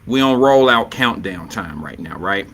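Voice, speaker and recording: A man with a bright, forward voice hosts a laid-back live stream show from a home setup. He chats loosely and playfully, greets viewers by reading their comments, and keeps circling back to his catchphrases. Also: fairly low pitch, animated, normal speed. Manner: loose and playful, repeats catchphrases, chuckles often.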